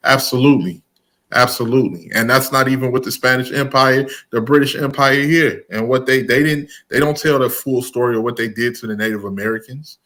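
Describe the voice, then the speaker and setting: A man's voice: mid-range voice, brisk, a bit bright. A man hosting a casual commentary talk, blunt and emphatic, often restarting his sentences. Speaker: host of commentary channel.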